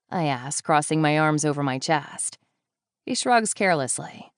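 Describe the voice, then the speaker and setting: Woman narrator, lowish voice, wry and deadpan, dry close studio sound. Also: moderate pace, no echo. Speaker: audiobook narrator. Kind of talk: first-person audiobook narration.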